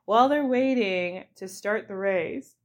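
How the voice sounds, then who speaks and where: A woman's voice: mid-range voice, unhurried. A young woman hosting a comedy podcast, recapping a movie in a rambling, giggly way with lots of fillers. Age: young adult. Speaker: podcast host.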